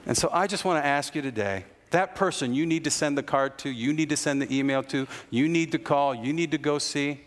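A man preaching an earnest sermon as pastor, rising at times to excited emphasis. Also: fairly high pitch, fairly quick, few pauses. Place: church sanctuary. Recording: long reverb of a large hall.

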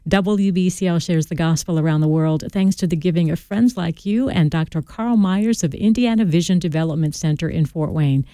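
A woman hosting a live call-in radio show, announcing smoothly and reading listener texts. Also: lowish voice, moderate pace, hardly any pauses, mellow, no echo. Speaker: radio host.

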